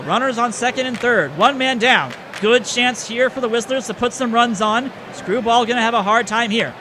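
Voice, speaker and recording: High-voiced excitable male game commentator. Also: background noise. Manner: excitable, rising on big plays, self-correcting. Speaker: play-by-play commentator. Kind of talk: baseball video game commentary.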